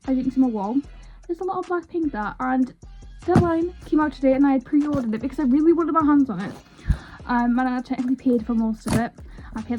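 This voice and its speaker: Young woman vlogger, excitable casual chatter, high voice, soft faint music underneath. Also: lo-fi sound. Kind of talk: casual unboxing vlog.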